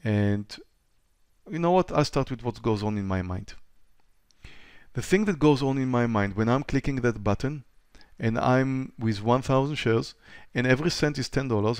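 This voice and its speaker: A man teaching a live trading webinar in a smooth, resonant voice, recorded close and dry. He speaks straight to his students and repeats his phrases for emphasis. At times he acts out a trader's racing thoughts with rising excitement. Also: medium pitch, dry recording. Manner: repeats phrases, direct to the audience. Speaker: trading instructor.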